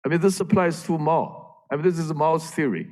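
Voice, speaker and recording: A man giving an academic panel talk, lively and emphatic, with fillers and restarts. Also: fairly high pitch, a little fast. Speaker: panel speaker.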